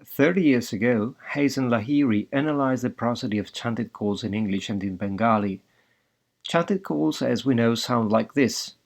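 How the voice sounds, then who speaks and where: A man reading out a scripted academic presentation as a linguistics researcher, in a measured, read-aloud way. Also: mid-range voice, vocal fry.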